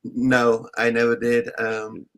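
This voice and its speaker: Guy on a group call, gravelly voice, lots of um and uh and restarts. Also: mid-range voice, completely flat delivery, a bit bright. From abroad. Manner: halting, many restarts and fillers. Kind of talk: casual group chat.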